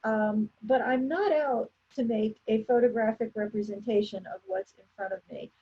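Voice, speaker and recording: A woman demonstrating an oil painting and explaining each step as she works, in a relaxed, instructive way. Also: on the high side, normal speed, lo-fi sound, a little hiss or hum. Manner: relaxed, instructive, thinking aloud while painting. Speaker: painting teacher.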